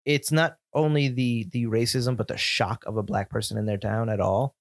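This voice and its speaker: A man from upstate New York, co-hosting a casual film podcast, opinionated and animated, sometimes slipping into mock voices. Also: mid-range voice, moderate pace, gravelly, no room sound, clean studio sound. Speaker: podcast co-host.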